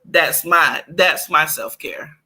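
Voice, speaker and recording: Husky, slow-talking woman co-host, blunt roasting. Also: low-pitched, pushed and bright. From United States. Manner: laughing, blunt, profane roasting. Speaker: podcast co-host. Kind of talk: casual chat.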